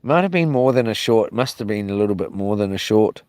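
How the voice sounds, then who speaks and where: A man's voice: on the low side, lively intonation, brisk, a little mellow, dry recording, studio quality. A man chatting loosely to his live viewers on a solo camping trip, wandering off topic and mildly cursing as he greets people from the chat. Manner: meandering, loses his thread, mild cursing. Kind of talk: casual rambling live chat.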